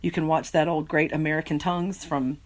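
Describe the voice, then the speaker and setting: A woman linguistics professor and podcast guest, telling animated stories and laughing easily. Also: low voice, brisk. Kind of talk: podcast conversation.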